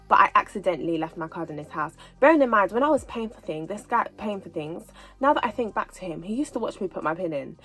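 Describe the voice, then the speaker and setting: A woman in her twenties telling a personal story in a casual storytime vlog, animated and repeating herself as she goes. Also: medium pitch, slightly rough, rough recording. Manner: chatty, animated retelling with repeats. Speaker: vlogger.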